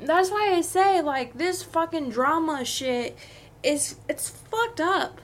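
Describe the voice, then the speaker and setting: Woman, young adult, podcast host, high voice, slow unhurried delivery, venting with heavy swearing. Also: lively intonation. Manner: profane, venting, heated. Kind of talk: casual storytelling monologue.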